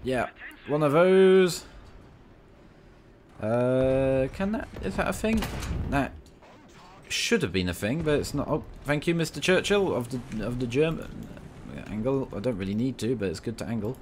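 A man talks through a tank game in a loose, chatty commentary. His voice swings widely in pitch as he cheers, grumbles and scolds enemy players with mock indignation. A faint hiss of noise sits under the recording. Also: unhurried. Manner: excitable, banters at enemies with mock outrage. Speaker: gaming video creator. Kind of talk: casual gameplay commentary.

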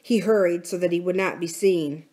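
A woman from a library reading a children's adventure book aloud in a clear, even storytelling voice. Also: fairly low pitch, normal speed.

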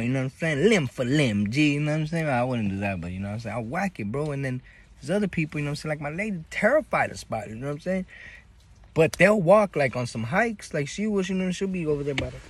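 Slangy husky man telling a story. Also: fairly high pitch. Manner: slangy, animated, acts out voices in his story. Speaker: vlogger. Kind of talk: casual storytelling.

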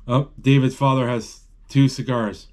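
A man giving a live, off-the-cuff retelling of a movie as he watches it, halting and correcting himself as he thinks aloud. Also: mid-range voice, fairly even intonation, a little mellow. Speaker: channel host describing a movie. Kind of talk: live play-by-play retelling of a film.

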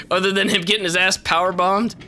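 A man giving loud, profane let's play commentary, reacting to the game with excited yelling. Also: high-pitched, moderate pace, a little hiss or hum. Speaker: gaming YouTuber. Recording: game music behind voice.

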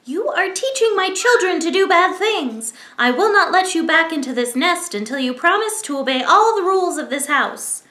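A woman's voice: extremely high pitch, big pitch swings, normal speed, hardly any pauses, sharp tone, roomy sound, voice pushed up, full character voice. A woman voicing a stern mother bird who scolds shrilly and lays down the rules. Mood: scolding.

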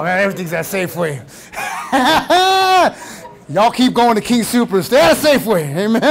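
A male pastor preaching a sermon, animated and casual, with shouted bursts and playful mock voices. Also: very high-pitched, gravelly, slight background noise. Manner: casual slangy talk.

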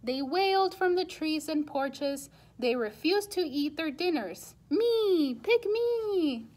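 A children's librarian reading a picture book aloud at storytime, in an expressive, animated way. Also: female voice, sits high, measured pace.

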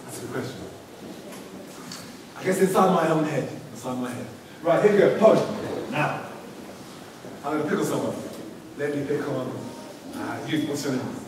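A man's voice: a little high, normal speed, long pauses. A man performing spoken-word poetry and answering pupils' questions, with rhythmic delivery and playful banter. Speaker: visiting poet. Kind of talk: school visit poetry performance and Q&A. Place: school hall. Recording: echoey hall from far off, noisy.

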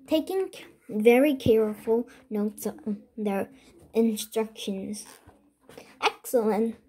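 A woman whose first language is Korean reading a children's chapter book aloud, halting and restarting words as she goes. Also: mid-range voice, darkish tone, breathy edge. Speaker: reader.

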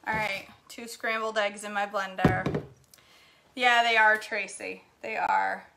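A woman's voice: medium pitch, level tone, takes it slowly, creaky, very noisy. A middle-aged woman chatting casually in her home kitchen as she cooks, telling stories and laughing often. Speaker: cooking vlogger. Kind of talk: casual chat while cooking, reading comments.

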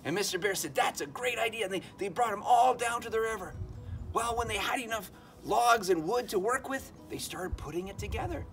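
Brief: animated storyteller for children, man, fairly high voice, asks the kids questions. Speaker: children's ministry host.

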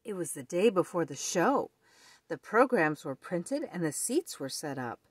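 Woman reading a picture book aloud, low-ish voice, dry close recording. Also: slightly rough, no room sound. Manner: slow, expressive reading. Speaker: storyteller. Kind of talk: children's read-aloud.

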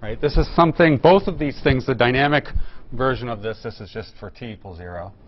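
A man's voice: medium pitch, a little fast, muffled recording. A man giving a technical physics lecture, explaining step by step with fillers and restarts. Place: lecture room.

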